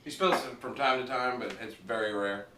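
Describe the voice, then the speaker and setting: A man's voice: mid-range voice, moderate pace. A man giving a casual, rambling review, swearing freely and laughing at his own jokes. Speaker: TV show reviewer. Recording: echoey room, distant mic, faint noise.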